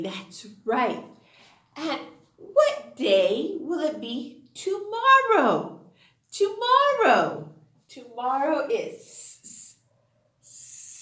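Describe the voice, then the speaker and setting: A woman teacher leads a phonics lesson for small children, her voice high and swooping all over the place. She talks very slowly, sing-song and exaggerated, with excited gasps. The sound is echoey, as if from a bare room.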